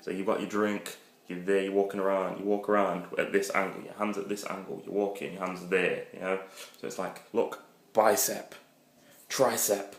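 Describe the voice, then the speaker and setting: A man's voice: sits low, little pitch movement, moderate pace. A man rambling through crude, joking dating advice in a casual comedic monologue. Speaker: vlogger giving dating advice. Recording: echoey room.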